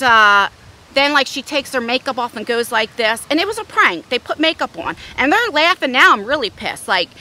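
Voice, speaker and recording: A woman's voice: fairly high pitch, bright, forceful tone. A middle-aged woman vlogger telling a story in a casual, blunt way, with some swearing.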